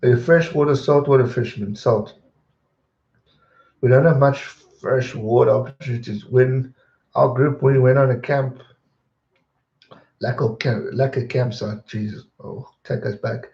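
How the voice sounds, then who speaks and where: A young man, chatting casually on a live stream and answering viewer questions in a rambling, relaxed way. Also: medium pitch, unhurried, long pauses. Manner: relaxed, rambling, repeats words when distracted. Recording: dull roomy home stream audio.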